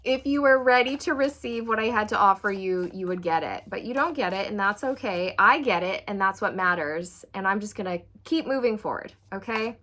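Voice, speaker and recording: A woman reading tarot for her viewers. She sounds excitable and encouraging, speaks straight to the viewer, and often breaks into squeals and laughter. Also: mid-range voice, fairly quick, hardly any pauses. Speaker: tarot reader.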